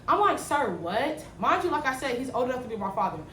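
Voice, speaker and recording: This twenty-something vlogger talks very fast in a high voice, cooking in her home kitchen as she shares a slangy, lively story and gets loud during the retelling parts. It's recorded from a distant mic in an echoey room with a bit of background noise.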